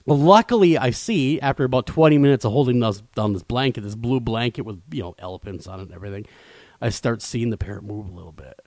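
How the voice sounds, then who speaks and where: A man co-hosting a talk radio show, telling a comedic, self-deprecating story in an animated way. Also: medium pitch, quick pace, dry recording.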